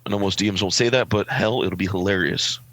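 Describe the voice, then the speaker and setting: A man's voice: deep voice, quick pace, a bit bright, no room sound. A man acting as dungeon master, casual and laughing, swearing freely on an online call. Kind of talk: running a tabletop game, casual chat.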